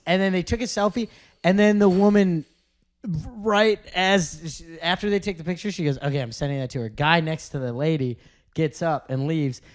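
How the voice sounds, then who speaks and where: A man's voice: sits high, normal speed. A man co-hosting a casual podcast chat from an apartment, telling stories with a lot of laughter. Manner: laughing, animated storytelling. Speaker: podcast co-host. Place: apartment room.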